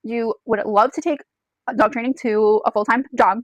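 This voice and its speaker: A woman's voice: a little high, steady tone, moderate pace, dry recording, low-quality recording. A woman giving a casual, chatty book review, retelling the plot in second person with frequent check-ins.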